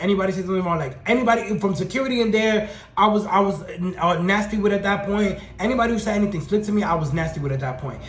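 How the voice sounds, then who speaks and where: Telling a story in a casual rant, this young vlogger speaks in a high voice at a rapid pace, peppering it with slang and curses. His delivery is animated and sassy, and there's an echo in the room.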